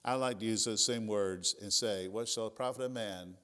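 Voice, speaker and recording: A man's voice: fairly low pitch, normal speed, a bit bright. A man pastor preaching a sermon, retelling scripture in a plain, folksy, conversational way. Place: church sanctuary. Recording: long church reverb.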